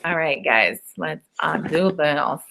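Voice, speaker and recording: A woman's voice: low-pitched, big pitch swings, slow, gravelly, pushed and bright, slight background noise. Motivational woman coach teaching a webinar. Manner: coaching and motivational, rhetorical questions, tags many lines with okay. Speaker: business coach. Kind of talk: live webinar training.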